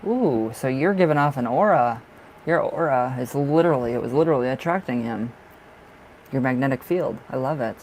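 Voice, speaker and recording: A male tarot reader chatting live with his viewers in a gushing, affectionate way. His voice sits at an ordinary middle pitch, and his words tumble out with restarts and repeats. A faint hiss runs underneath. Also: lively intonation, moderate pace, a little mellow, rough recording. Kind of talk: casual livestream chat.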